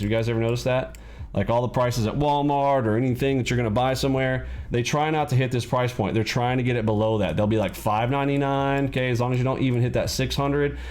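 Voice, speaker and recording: A man's voice: medium pitch, darkish tone. A man coaching traders in a live lesson, blunt and preachy, lecturing his audience directly. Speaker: trading coach. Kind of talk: live trading lesson with pep talk.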